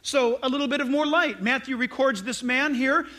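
A man's voice: very high voice, moderate pace, sharp tone. A male pastor preaching a sermon, emphatic and direct, firing rhetorical questions at his congregation.

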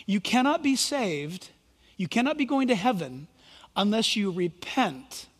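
Male pastor, high animated voice, emphatic preaching style, reverberant hall sound. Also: unhurried. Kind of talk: sermon.

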